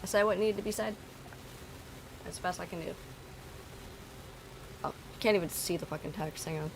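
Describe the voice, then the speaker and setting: A woman's voice: fairly low pitch, moderate pace, background noise. A woman streamer talking to her chat, venting bluntly and swearing freely. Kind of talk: casual talk to stream chat.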